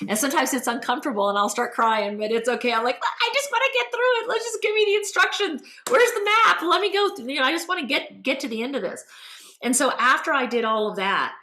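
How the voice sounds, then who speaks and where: A woman hosting a show, telling a personal story in a casual, animated, rambling way with many fillers. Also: medium pitch. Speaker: host. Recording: roomy echo.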